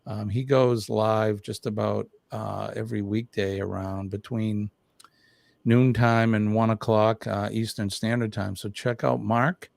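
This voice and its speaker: A man's voice: fairly low pitch, level tone, measured pace, creaky, darkish tone, no room sound. An older man hosting a casual live stream, chatting and reading viewer comments aloud with lots of fillers.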